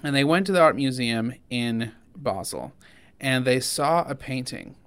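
A man co-hosting a faith and politics podcast, talking in an earnest, halting way with many restarts. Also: mid-range voice, animated, a bit bright, smooth. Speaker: podcast co-host. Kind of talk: casual conversational podcast.

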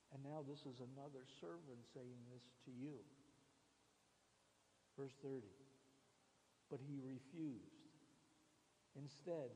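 Guy preaching a sermon, mellow voice, long reverb like a big church hall. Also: on the high side. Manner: animated preaching, reading scripture aloud. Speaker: pastor.

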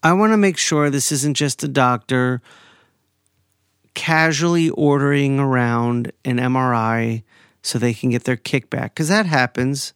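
A man in his forties telling a personal story in a casual, animated way, sometimes profane and heated. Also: medium pitch, a little slow, clean tone, no room sound, clean studio sound. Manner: animated, profane, rising to anger.

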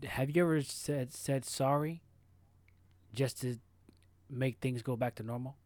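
A young man co-hosting a podcast, speaking in a halting casual way, often clearing his throat and restarting phrases. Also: mid-range voice, a little mellow, dry recording. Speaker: podcast co-host. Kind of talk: casual chat.

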